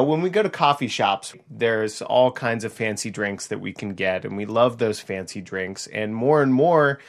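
A man, a technology reporter, chatting on air in a small kitchen and explaining things in a relaxed, easygoing way. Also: mid-range voice. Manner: chatty, explanatory, laughs easily. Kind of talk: casual on-air chat.

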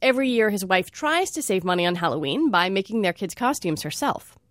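A woman's voice: medium pitch, lively intonation, a little fast, fairly bright tone, no room sound. A woman hosting a radio interview show in a studio, friendly and lightly teasing with her callers.

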